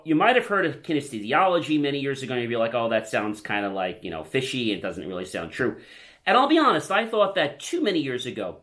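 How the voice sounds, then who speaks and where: A man's voice: a little high, a bit bright. Chatty man demonstrating a technique. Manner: enthusiastic, chatty, checks in with frequent "okay?". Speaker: self-help presenter. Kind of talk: casual instructional talk to camera.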